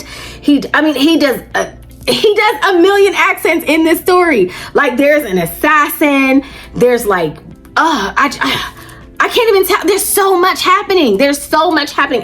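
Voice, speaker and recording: A woman vlogging about audiobooks in a casual chat, gushing and chatty, calling her viewers "child" and "baby". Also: a little high.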